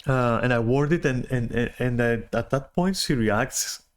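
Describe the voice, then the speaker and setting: A man's voice: medium pitch, moderate pace. A man venting in a casual monologue, agitated and exasperated, swearing often and restarting his sentences. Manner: agitated, profane, exasperated rant with many restarts. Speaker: podcaster venting.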